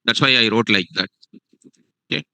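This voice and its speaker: Guy teaching python to a class, keeps repeating and asking "what?", super bright voice, dry room. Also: mid-range voice, moderate pace, creaky, dry recording, low-quality recording. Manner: repetitive, questioning students, restates phrases. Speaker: programming teacher. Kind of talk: live classroom coding lesson.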